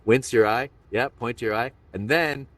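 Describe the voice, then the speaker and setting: A man's voice: mid-range voice, normal speed, fairly bright tone, dry recording, recorded from a distance. A man doing a playful, rambling stand-up set streamed online. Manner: rambling, self-interrupting, playful. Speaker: stand-up comedian.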